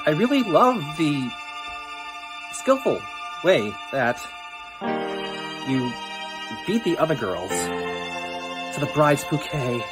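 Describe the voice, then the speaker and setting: A man singing as an earnest, clean-cut young man proposing, in a bright stage-musical show tune from a film. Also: fairly high pitch, big pitch swings, slow pace, long pauses, over music. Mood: devoted.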